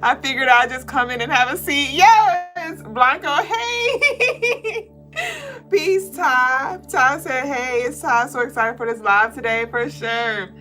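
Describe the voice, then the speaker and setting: A woman hosting a casual spiritual reading livestream, excitable and profane, greeting viewers and reading their comments aloud. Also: sits high, measured pace, soft background music.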